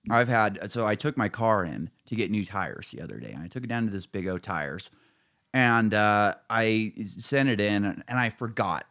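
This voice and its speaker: A middle-aged man with a hoarse throat, telling a profane story as podcast co-host. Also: on the low side, animated, moderate pace, a bit bright. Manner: profane storytelling, acts out quotes. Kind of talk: casual chat.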